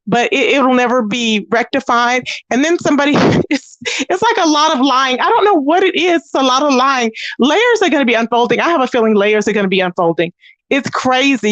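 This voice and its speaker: A woman's voice: no echo, muffled recording. A woman hosting a livestream, chatting casually with her viewers and acting out the people she talks about. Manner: animated, acts out quoted voices in a higher pitch. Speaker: livestream host. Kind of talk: casual gossip chat with viewers.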